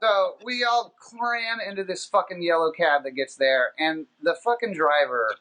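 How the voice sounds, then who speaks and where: A man hosting a podcast, telling a long, profane anecdote in a casual, animated, rambling way. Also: on the high side, moderate pace. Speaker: podcast host. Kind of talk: casual storytelling.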